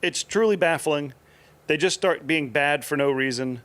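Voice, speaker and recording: A man co-hosting a casual comedy chat, musing wryly with halting restarts. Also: on the high side, a bit bright. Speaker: podcast co-host.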